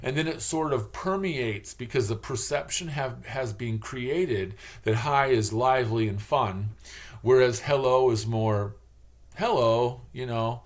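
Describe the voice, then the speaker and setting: A man from Michigan with a Michigan accent, rambling in a casual, digressive monologue and acting out the voices he quotes. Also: medium pitch. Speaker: channel host.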